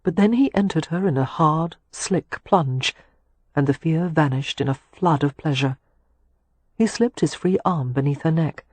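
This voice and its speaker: A man narrating a romance audiobook in a slow, measured, sensual reading. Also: fairly high pitch, a little mellow, no echo.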